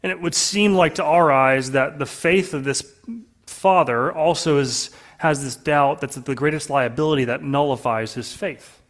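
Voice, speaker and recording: A man with a slightly high voice delivers a sermon as a pastor. He speaks earnestly to the congregation, often dropping soft and low to press a point home. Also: normal speed.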